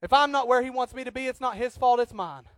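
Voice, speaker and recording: A man preaching a sermon as pastor, swinging from loud acted outbursts to quiet earnest talk. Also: very high voice, quick pace, no room sound.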